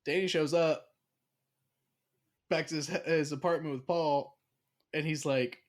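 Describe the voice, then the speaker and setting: A man's voice: a little high, fairly even intonation, unhurried. Young man rambling through a show recap. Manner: rambling, profane, acts out characters' lines. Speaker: podcast host. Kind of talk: casual recap chat.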